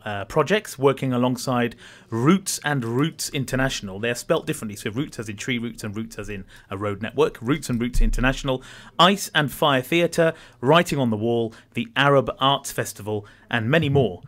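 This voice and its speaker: A man's voice: medium pitch, a bit bright. A man hosting a community radio show, introducing and interviewing a guest in a friendly way with frequent uhs and ums.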